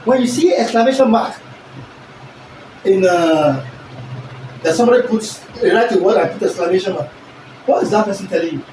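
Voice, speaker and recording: A male teacher, giving an animated lesson and constantly checking that the class understands. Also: sits high, moderate pace, pauses often, noisy background. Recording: echoey room recorded from a distance.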